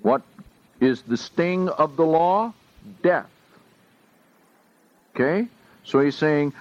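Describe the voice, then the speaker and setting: Animated and a little high-pitched, this man works through a Bible study one verse at a time, pausing often to question his audience at a slow pace. The sound is dry, with a dull, lo-fi quality.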